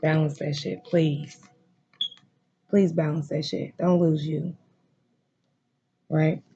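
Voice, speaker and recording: A tarot reader speaks straight to viewers with a dark, mellow tone, full of emotion and repeating encouragement over and over. They swear freely and lean hard on each phrase. The home recording sounds slightly muffled and lo-fi, with a faint hiss behind the voice. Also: mid-range voice, little pitch movement, slow. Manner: emphatic, repetitive, profane, emotionally intense. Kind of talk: tarot card reading, direct address to viewers. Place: room at home.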